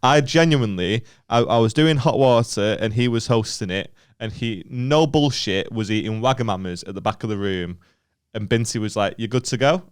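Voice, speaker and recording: A Northern English man co-hosts a comedy podcast. He speaks in a smooth, resonant voice and keeps up a jokey, teasing banter. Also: lowish voice, normal speed, no echo, clean studio sound. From Northern England. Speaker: podcast co-host. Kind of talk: casual podcast chat.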